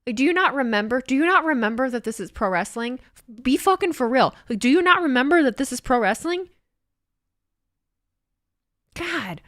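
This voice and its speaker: A young woman hosting a casual livestream, excitable and swearing freely as she reacts to chat comments. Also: high voice, moderate pace, long pauses, no echo, clean studio sound. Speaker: livestream host.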